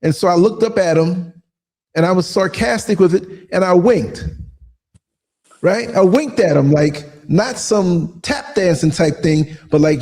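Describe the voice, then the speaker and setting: Man, American, high pitch, mellow tone, casual podcast storytelling, sarcastic. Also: a little slow. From United States. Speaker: podcast host. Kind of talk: casual conversation. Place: living in Africa.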